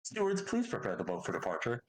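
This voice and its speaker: A man's voice: huge pitch swings, fast, a little hiss or hum, rough recording. A man doing a pompous riverboat captain. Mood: formal. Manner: formal sales-pitch announcements. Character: pompous male riverboat captain, cruise announcer.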